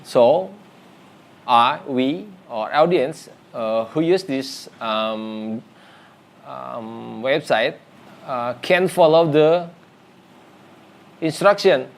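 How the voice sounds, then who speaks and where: A man teaches a graphic design lesson in non-native English, his first language being Indonesian. He pauses often, using fillers and restarting sentences, in a medium-pitched, creaky voice.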